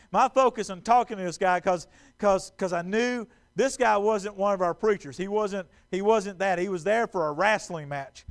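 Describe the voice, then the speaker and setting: A man preaching a sermon in a church, animated and stumbling over repeated words as he acts out quotes. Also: high-pitched. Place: church sanctuary.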